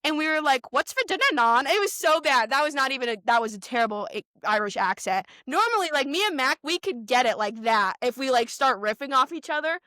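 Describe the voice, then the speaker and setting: A young woman with a high, bright voice co-hosts a podcast and tells stories with animated energy, laughing between the lines. The sound is close and dry. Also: no echo. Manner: animated storytelling, quick to laugh. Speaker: podcast co-host. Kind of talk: casual chat.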